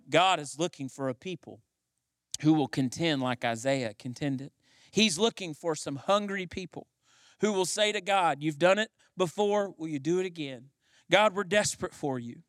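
High-voiced preaching pastor, dry sound. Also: male voice, a bit bright, no echo. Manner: preaching with rising emphasis and repetition. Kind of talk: sermon.

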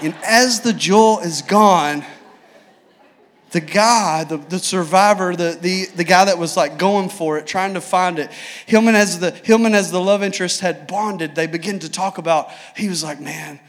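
A man preaches in a relaxed, humorous way, sprinkling his sentences with "like". His voice sits a bit high for a man. He tells stories loosely, with energy. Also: normal speed. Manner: casual, joking, animated retelling with filler "like". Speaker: pastor. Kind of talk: sermon with humorous storytelling.

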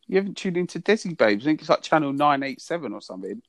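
A man's voice: on the high side, big pitch swings, quick pace, dry recording. A man from England co-hosting a podcast, chatting in a rambling, easygoing and teasing way. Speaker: podcast co-host. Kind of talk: casual chat.

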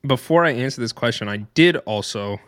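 This young podcast co-host talks animatedly and fairly quickly, his medium-pitched voice a touch bright. He rambles through stories in easygoing conversation, laughing often, and the studio-quality recording has no room sound.

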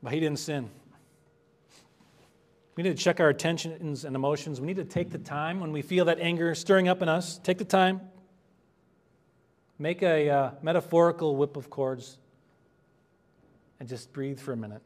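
A man's voice: fairly high pitch, steady tone, moderate pace, pauses often. A man preaching an expository sermon as pastor, earnest and conversational, rising in emphasis on key points. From United States.

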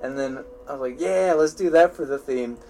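A man's voice: mid-range voice, moderate pace, creaky, a little mellow, a little hiss or hum. A young man co-hosting a casual podcast, telling school stories in a rambling way, with many restarts and swearing, and laughing at his own tales. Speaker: podcast co-host. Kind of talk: casual chat.

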